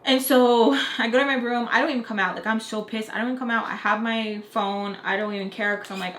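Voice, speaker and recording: Young woman vlogger, quick chatty storytelling, roomy echo. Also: fairly high pitch. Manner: animated, chatty, frequent "like" fillers. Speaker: vlogger telling a personal story. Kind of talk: casual storytime narration. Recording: roomy echo with faint background noise.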